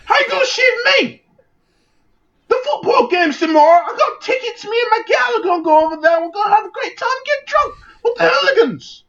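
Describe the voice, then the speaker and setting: A man's voice: medium pitch, very fast, hardly any pauses, pitched below the performer's own voice, close to an everyday voice. A man doing an over-the-top, badly faked British accent as a rowdy, swearing pub bloke. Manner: profane, exaggerated, self-admittedly terrible British accent. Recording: lo-fi, dull sound.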